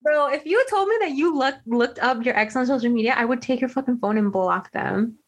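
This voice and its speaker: A young woman co-hosting a podcast, telling a story in an animated, slangy way with lots of "like" into a desk microphone. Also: high-pitched, fairly quick. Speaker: podcast co-host. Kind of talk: casual chat.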